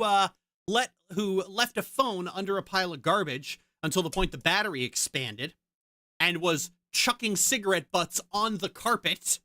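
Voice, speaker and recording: A woman's voice: mid-range voice, bright, forceful tone, no echo, studio quality. A woman streamer in casual chat, ranting heatedly and swearing a lot.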